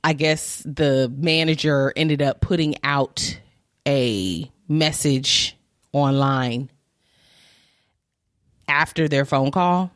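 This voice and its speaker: A woman's voice: sits low, very slow, pauses often, no echo, clean studio sound. A woman co-hosting a podcast, retelling gossip in a casual, slangy way and quoting people as she goes. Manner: animated storytelling, quoting others, slangy. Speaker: podcast co-host.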